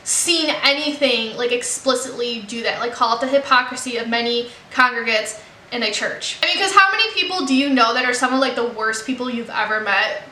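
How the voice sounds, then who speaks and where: Bright, high-voiced young woman reviewing a film. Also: a little fast, a little hiss or hum. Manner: chatty, earnest, many "like" and "you know" fillers. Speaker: movie reaction vlogger. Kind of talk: casual film review chat. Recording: roomy echo.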